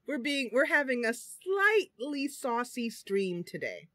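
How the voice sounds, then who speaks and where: High and very animated, this woman takes her time, her voice a touch bright on a dry recording. She's livestreaming a role-playing game, chatting casually and giggling often while reading the dialogue aloud.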